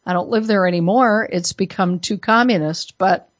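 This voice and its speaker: A woman's voice: medium pitch, normal speed, no room sound, muffled recording. A woman from Colorado giving an opinion monologue as a commentator, full of sarcastic, mock-innocent asides. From Colorado, USA. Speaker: political commentator.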